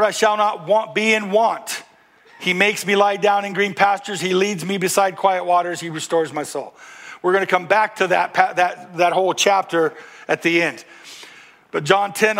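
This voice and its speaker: A man's voice: high-pitched, fairly bright tone. A man preaching a sermon, reading scripture aloud and asking the congregation to answer back. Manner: engaging, asks the congregation to respond; reads scripture aloud with emphasis. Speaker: pastor.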